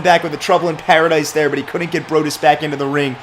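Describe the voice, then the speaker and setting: A young man giving mock wrestling play-by-play over a video game, excited on the big moves and rambling through storyline recaps. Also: fairly high pitch, quick pace, few pauses, a little hiss or hum. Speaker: play-by-play commentator for his own game series.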